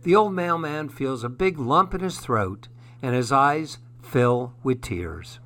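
A man narrating a children's story in a gentle, expressive way. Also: mid-range voice, slow.

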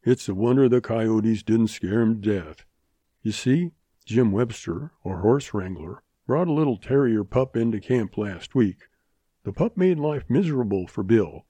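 Man playing a sly young cowboy, drawling, folksy, mock-mournful, dark husky voice. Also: mid-range voice, no room sound. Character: young Texas cowboy, sly and smooth-talking.

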